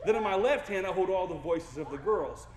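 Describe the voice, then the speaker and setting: A young man speaks from a stage as a keynote speaker, goofy and playful, swinging his pitch widely as he works the audience. His voice sits a little high for a man. It carries with a long, echoey reverb, as heard in a large hall from out in the room. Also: animated, brisk. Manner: goofy, playful, engages the crowd. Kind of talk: motivational keynote speech.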